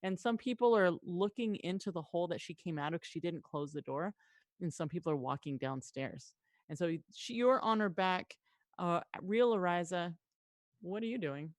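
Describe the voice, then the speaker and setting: A woman narrating as game master of a tabletop game, lively and quick to voice the townsfolk. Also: on the low side, no echo, studio quality.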